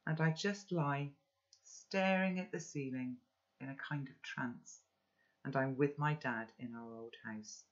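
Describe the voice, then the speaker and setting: A man reading a children's novel aloud, telling the story gently and expressively. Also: a little high. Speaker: children's book reader. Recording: dull, lo-fi recording.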